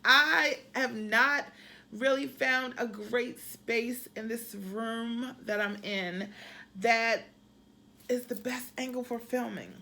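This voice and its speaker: A woman's voice: fairly high pitch, slow pace, vocal fry, bright, forceful tone. A woman travel nurse chatting casually to her viewers in a vlog, calling them y'all. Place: room used for filming.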